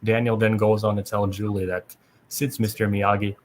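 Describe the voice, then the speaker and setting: A man with a deep, monotone voice reads a plot summary for his podcast. He keeps a steady read-aloud pace and restarts a word here and there. A soft background hiss sits beneath him. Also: normal speed. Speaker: podcast host. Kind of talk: reading a plot recap aloud.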